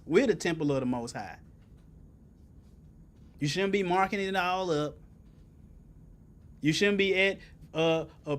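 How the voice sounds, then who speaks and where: A man's voice: fairly high pitch, a bit bright. A man preaching a sermon in folksy vernacular, asking the congregation for answers and building to emphatic peaks.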